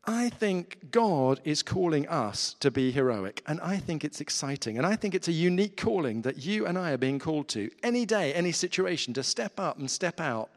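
A man's voice: on the high side, very animated, normal speed, hardly any pauses. A man preaching a sermon in an earnest, conversational way, with fillers, in a church hall.

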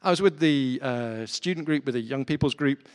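A man's voice: mid-range voice, normal speed, smooth. A man preaching a sermon in an earnest, conversational way, with fillers, in a church hall.

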